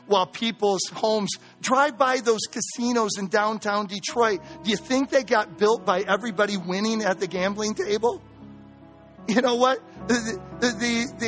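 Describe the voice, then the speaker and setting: Guy preaching hard, pretty high voice, stumbles and repeats himself, faint music behind. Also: fairly bright tone. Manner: impassioned preaching with repeated words. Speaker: pastor. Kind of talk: sermon.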